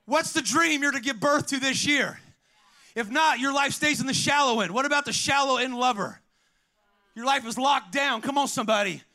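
A middle-aged man preaches with real fire, his voice pitched strikingly high and ringing bright. He tells stories and keeps calling out to the congregation as he goes. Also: normal speed. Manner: preaching with call-outs to the congregation, storytelling. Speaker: pastor. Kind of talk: energetic sermon.

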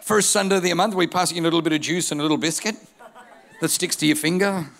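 A middle-aged male pastor preaching a sermon, telling stories with energy and building to shouted declarations. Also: fairly high pitch, fairly even intonation, quick pace.

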